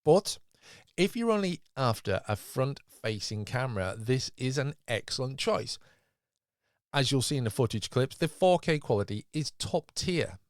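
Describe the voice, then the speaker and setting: A man's voice: medium pitch, moderate pace, dry recording. Man's dry scripted voice-over. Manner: smooth, even delivery of a written script. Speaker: tech reviewer.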